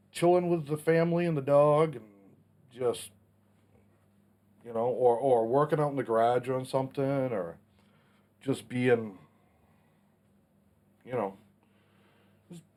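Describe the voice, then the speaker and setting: A man's voice: on the high side, a little mellow. Blunt plainspoken man in his forties. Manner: blunt, plainspoken, mildly profane. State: has the hiccups. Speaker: channel host answering a Q&A. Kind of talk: casual solo Q&A vlog.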